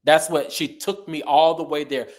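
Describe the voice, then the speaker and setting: A middle-aged man tells a story with a sassy, animated flair. His voice sits a little high, and he acts out the people he quotes. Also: normal speed. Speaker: guest. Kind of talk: casual storytelling interview.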